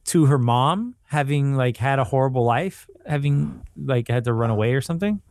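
A man's voice: mid-range voice, moderate pace, no room sound, studio quality. A man co-hosting a podcast, chatting casually about a TV show and acting out lines as he recounts scenes. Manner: animated storyteller, acts out quotes. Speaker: podcast co-host. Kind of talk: casual chat reviewing a TV show.

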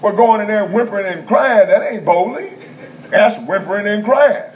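In a prison chapel, a male preacher with a high-pitched voice speaks at a normal pace, giving a folksy, repetitive sermon that builds to emphatic bursts. The lo-fi recording sounds dull, with faint room ambience.

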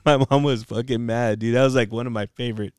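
Laid-back swearing young man, smooth voice. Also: medium pitch, steady tone, fast talker, no echo, clean studio sound. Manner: laid-back, swears constantly, rambling storyteller. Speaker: podcast co-host. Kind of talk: casual chat.

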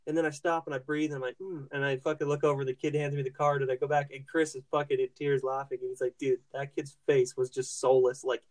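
A man's voice: fairly high pitch, level tone, very fast, hardly any pauses. A young man hosting a podcast, telling a rambling, swear-heavy story with lots of restarts and fillers. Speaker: podcast host. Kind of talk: casual profane storytelling.

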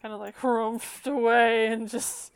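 A woman's voice: fairly high pitch, little pitch movement, a little slow, a crowd in the background. A young woman co-hosting a casual talk show, telling a work story in a rambling way with fillers and frequent laughs. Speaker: podcast co-host.

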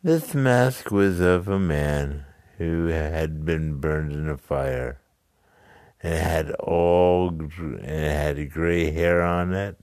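A man with a deep voice tells a story at an easy, unhurried pace. He halts and restarts, tossing in casual asides. The sound is dry and close. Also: a little mellow, dry recording.

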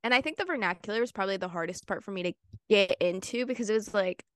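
Brief: young woman, middle pitch, easygoing book chat, chimes in with quick agreement, dry close recording. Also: no echo. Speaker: book club podcast co-host. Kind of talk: casual chat.

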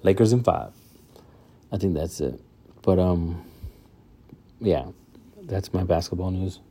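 With a deep, warm voice and a slow delivery, a man hosts his podcast alone, chatting loosely amid lots of fillers and restarts. There's slight background noise.

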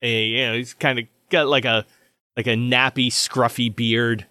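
A man running a tabletop game as game master, narrating with many fillers and pauses. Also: medium pitch, flat delivery, pushed and bright, dry recording, clean studio sound.

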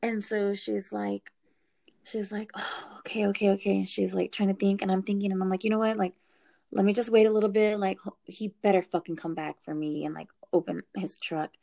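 A young woman casually telling a story, animated, swearing and laughing as she goes. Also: medium pitch, brisk, vocal fry.

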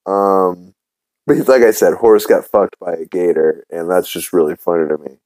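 A man's voice: sits low, moderate pace, a little mellow, no echo, rough recording. A man hosting a podcast who recaps an episode in a casual, rambling way, swearing freely. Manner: rambling, profane, full of fillers and restarts. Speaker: podcast host.

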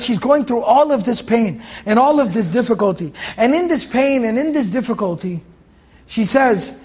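High-voiced man, Quran lesson teacher, explains words and repeats phrases. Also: breathy edge. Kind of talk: Quran commentary lecture.

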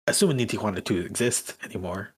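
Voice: low voice, lively intonation, fast talker, breathy edge. Brief: wry tabletop player, dry jokes, swears. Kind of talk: tabletop role-play.

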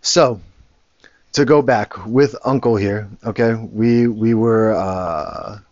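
A man's voice: fairly low pitch, slow pace, darkish tone, dry recording, highs cut off. A man, a father, telling a casual story in a rambling way, with many restarts and the odd curse word. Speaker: father and show host.

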